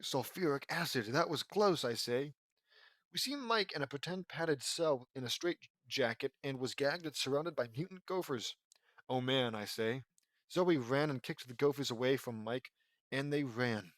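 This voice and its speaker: A man's voice: medium pitch, lively intonation, moderate pace, fairly bright tone, no echo, clean studio sound. A man reading fan fiction aloud as an audiobook, breaking off often for sarcastic, frustrated asides.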